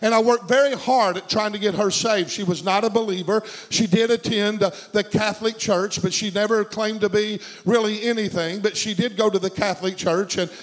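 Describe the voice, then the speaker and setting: A high-pitched man delivers a storytelling sermon. He circles back on his phrases and builds fervor as he preaches, in the manner of a middle-aged pastor. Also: fairly even intonation, brisk, hardly any pauses, low-quality recording. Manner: storytelling preacher, fervent and repetitive.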